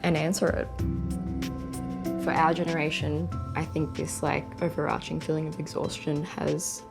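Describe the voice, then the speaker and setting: Young woman, low and creaky, speaking candidly with fillers over soft music. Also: level tone, moderate pace. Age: young adult. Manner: reflective, many "like" and "um" fillers. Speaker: interviewee. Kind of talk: candid testimonial.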